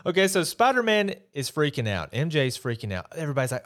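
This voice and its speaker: A man's voice: on the high side, big pitch swings, quick pace, a bit bright. A man hosting a podcast, giving a casual, opinionated solo movie review in a chatty, exasperated way. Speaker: podcast host.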